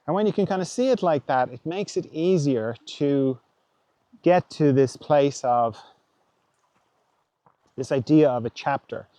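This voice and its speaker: A man with a somewhat high, mellow voice gives a gentle, musing spiritual talk. He often voices imagined inner thoughts aloud. The sound is close and dry. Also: unhurried, long pauses, dry recording. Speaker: podcast host.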